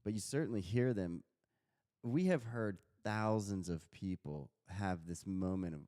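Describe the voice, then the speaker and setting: A man's voice: low voice, unhurried, mellow. A man co-hosting a podcast in casual chat, jokey and rambling, often trailing off mid-thought. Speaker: podcast co-host.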